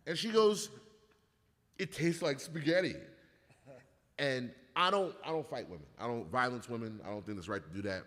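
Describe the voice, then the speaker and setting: A man in casual comedic chat, telling animated, profane stories with acted-out quotes. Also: mid-range voice, fast, few pauses. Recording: long hall reverb.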